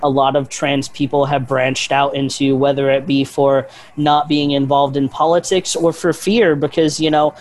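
A podcast guest chatting casually, relaxed, swearing now and then and laughing often. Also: mid-range voice, moderate pace, hardly any pauses.

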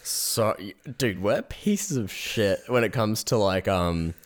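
A man's voice: fairly low pitch, lively intonation, slow pace. A young man co-hosting a podcast in casual chat, laid-back, swearing and laughing often. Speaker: podcast co-host.

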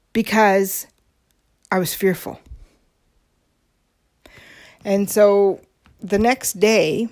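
A woman hosting a podcast, telling a personal story in a candid, confiding way, with frequent ums and restarts. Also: lowish voice. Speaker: podcast host.

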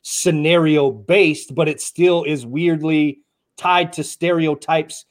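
A man's voice: on the high side, slow pace. A man co-hosting a podcast, arguing his point in a profane, casual debate. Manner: profane, argumentative, animated. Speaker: podcast co-host.

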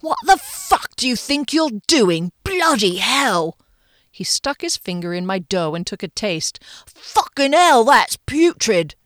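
A woman voicing a bullying male kitchen boss who puts on a bad, shouty English chef act and swears loudly. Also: a little high, very animated, slow pace, no echo, clean studio sound, pitched above the performer's own voice, full character voice. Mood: blustering rant.

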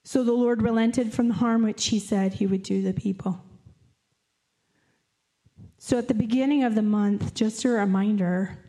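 A woman preaching a sermon, reading scripture aloud in an earnest way and slowing down to dwell on key phrases. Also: on the high side, steady tone, warm tone.

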